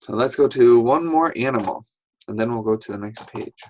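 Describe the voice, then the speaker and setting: A man teaching a slow English lesson to young learners, patient and repetitive, acting out sounds as he explains. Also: mid-range voice, darkish tone. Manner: patient, repeats words, acts out sounds.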